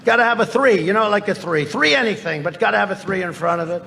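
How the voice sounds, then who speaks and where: A man's voice: high-pitched, quick pace, creaky, pushed and bright, slight background noise. A man giving a rally speech into a podium microphone, telling boastful, repetitive stories to a crowd. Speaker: politician speaking at a rally. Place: large rally venue.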